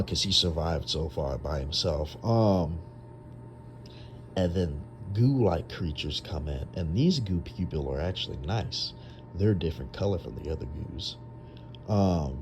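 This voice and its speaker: A young man with a low, deep voice recounts a long dream in a casual, rambling way, stumbling over fillers and restarting as he goes. A faint ambient hum runs beneath the recording.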